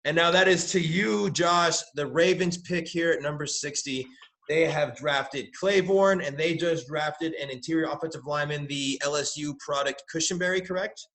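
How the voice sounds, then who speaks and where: A young man co-hosting a casual sports talk show, giving animated, opinionated football draft analysis. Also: a little high, normal speed. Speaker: podcast co-host, mock draft participant.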